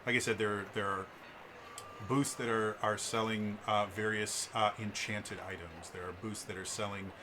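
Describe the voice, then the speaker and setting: A man narrating as the game master of a tabletop role-play, describing scenes haltingly with many fillers. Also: lowish voice, steady tone, noisy background.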